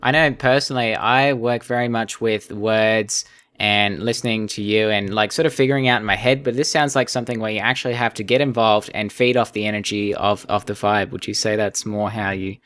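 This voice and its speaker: A man in his twenties interviews a guest in a relaxed way. He asks questions haltingly, thinking aloud and circling back with fillers. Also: fairly low pitch. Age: 20s. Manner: curious, hesitant, thinks aloud. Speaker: interviewer and channel host.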